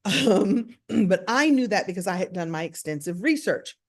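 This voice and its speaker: A woman's voice: medium pitch, lively intonation, moderate pace. A woman from the United States, a speaker and coach, telling a story in a playful, self-mocking way and acting out voices. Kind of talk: storytelling talk.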